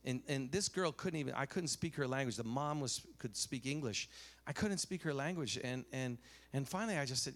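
A man preaching a sermon, telling stories animatedly, dropping to a hush and rising loud again, with many restarts. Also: mid-range voice, expressive, a little fast.

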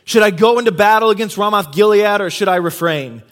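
A man's voice: high voice, brisk, pitched above the performer's own voice, lightly acted. Preacher guy doing a sulky stubborn king, blunt and grudging. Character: King Ahab, a petulant, stubborn male king.

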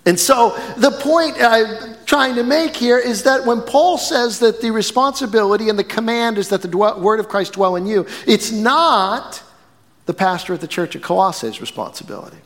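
A male pastor from the northern United States preaching a sermon in a church, swinging from quiet, measured phrases to loud, emphatic ones. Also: sits high, expressive. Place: church sanctuary. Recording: long hall reverb.

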